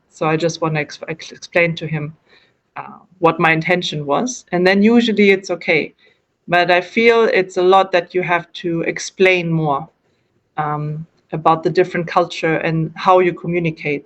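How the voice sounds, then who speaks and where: A woman's voice: fairly low pitch, fairly even intonation, moderate pace, lo-fi sound. A woman from Germany with a German accent, answering interview questions in English in a casual, hesitant way, often restarting and correcting herself as she explains.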